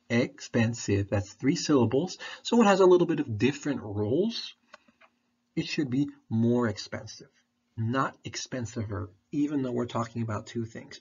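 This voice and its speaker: Husky teacher with candy in mouth. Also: male voice, medium pitch. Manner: patient, repeats questions and explains slowly. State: sucking on throat candy. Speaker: English teacher. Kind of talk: online English lesson. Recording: dull lo-fi recording.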